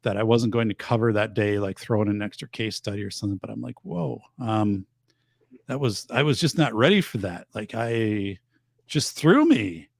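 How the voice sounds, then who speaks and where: A man in his fifties, a show host and teacher, rambles through stories in casual chat with a lowish voice at a normal pace. He's an animated storyteller, recorded in studio quality with no echo.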